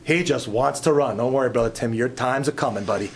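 A middle-aged man preaching a sermon, telling stories and swinging between loud emphatic peaks and soft low asides. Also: fast, slight background noise. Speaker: pastor.

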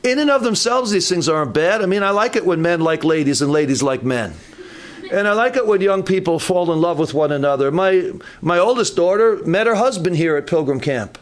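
An older man preaching a sermon at a church camp, folksy and joking, often restarting his phrases. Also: on the high side. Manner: folksy, humorous asides with frequent restarts. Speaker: pastor.

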